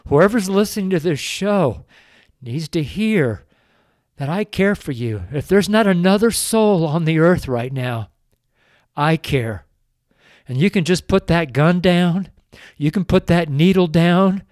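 A man's voice: on the high side, expressive, a little mellow, no echo, studio quality. An older man, a street preacher, giving an earnest, pleading sermon on a show, tearful and emotional. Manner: slow, earnest, pleading, with drawn-out emphasis.

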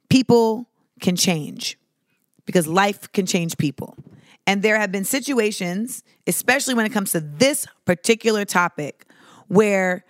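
A woman podcast host talks through listener questions in a loose, candid way, swearing freely and filling her sentences with "like." Her voice sits at a middling pitch, and the recording is close and dry with no room sound. She jumps her pitch up sharply when she wants to stress a point. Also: dry recording. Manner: candid, profane, digressive, many "like" fillers. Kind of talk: casual advice talk.

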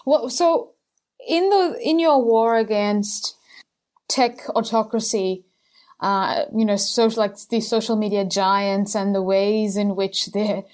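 A woman's voice: medium pitch, steady tone, slow pace, a little mellow. A woman host asking earnest, affirming questions in an interview.

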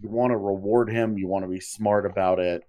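Talking hockey contracts on a podcast he co-hosts, a man thinks aloud in casual sports chat, often backing up to restart. His lowish, warm voice is brisk with fairly even intonation.

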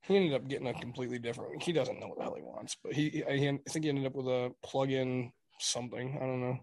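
A man in a casual podcast chat, telling animated stories and acting out what people said. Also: medium pitch, quick pace.

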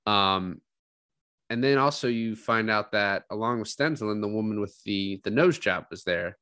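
Low-voiced man in casual chat. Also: moderate pace, pushed and bright, clean tone, no echo. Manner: rambling, profane, acts out quotes. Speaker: podcast co-host discussing a film.

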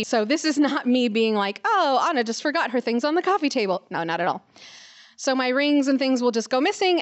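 A woman's voice: high-pitched, highs cut off. Woman telling a personal story on stage. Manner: conversational, earnest, personal. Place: live storytelling event.

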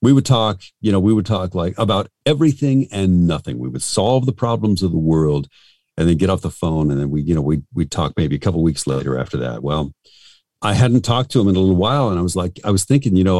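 A man's voice: low voice, expressive, fairly quick, darkish tone, no echo, studio quality. A middle-aged male voice actor talking casually and frankly in an interview, rambling and self-deprecating.

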